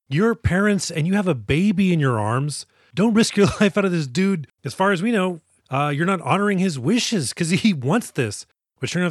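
Man, podcast co-host, profane and jokey, slightly high voice, dry close mic. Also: no room sound. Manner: profane, jokey, animated retelling. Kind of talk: casual movie recap chat.

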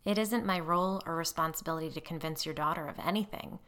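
A woman's voice: sits low, fast, fairly bright tone. A woman voicing a blunt, determined woman investigator with a firm, direct way of speaking, in a storybook reading.

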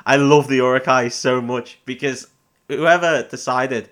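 A man's voice: mid-range voice, fairly even intonation, unhurried, fairly bright tone. A man hosting a podcast, giving a casual, sweary, rambling film recap and laughing often. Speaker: podcast host.

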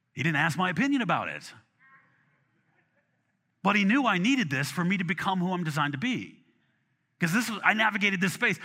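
A pastor with a voice that sits high preaches conversationally and animatedly, often restarting his phrasing and repeating himself. The recording has a big-room sound.

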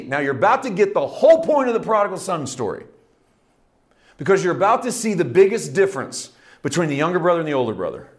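Animated male preacher telling a parable. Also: high voice, quick pace. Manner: animated storytelling, acting out characters, rising to shouts. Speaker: pastor. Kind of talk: sermon.

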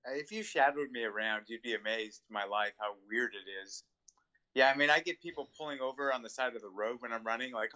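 A middle-aged man as an interview guest, talking in a relaxed, reflective way with chuckles. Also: mid-range voice, quick pace, highs cut off. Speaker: guest ultramarathon runner. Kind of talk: conversational interview.

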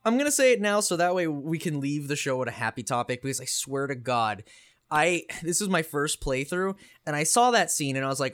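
A man's voice: on the high side, fairly quick. A man co-hosting a casual gaming podcast, swearing freely and acting out characters' lines as he recaps. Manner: animated and profane, acts out characters' lines. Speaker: podcast co-host.

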